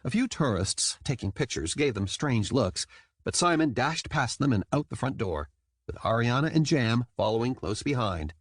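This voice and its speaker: A man reading an audiobook in scripted narration, lively and quick to slip into character voices. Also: mid-range voice, no room sound, studio quality.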